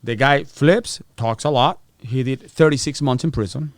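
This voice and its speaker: A man's voice: medium pitch, moderate pace, no echo, studio quality. A middle-aged man, a podcast guest, telling a story in a casual, profane way, acting out the voices of people he quotes. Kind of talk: storytelling interview.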